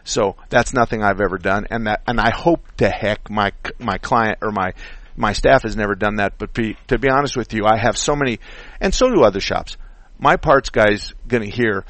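A man's voice: lowish voice, moderate pace, no echo. Middle-aged male radio host, seasoned mechanic, blunt and opinionated, dry studio sound. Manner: blunt, animated when opinionated. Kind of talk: call-in radio advice.

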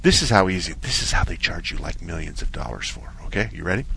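A man hosting a call-in radio show about cars, telling a long story in a relaxed, rambling way. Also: low voice, quick pace, creaky, a little hiss or hum. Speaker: radio car-advice show host. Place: radio studio.

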